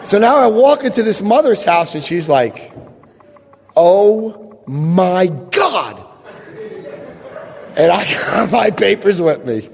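A man telling his own story to an audience, animated and self-mocking, jumping into high yelps when he acts out his past self. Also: normal speed, creaky, few pauses. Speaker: speaker sharing a recovery story. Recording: long hall reverb.

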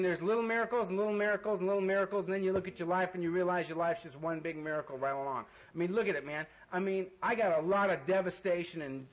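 A man's voice: fairly high pitch, rough recording. A man giving a blunt, joking and earnest personal testimony as the speaker at a recovery meeting, swearing casually. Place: meeting room full of people.

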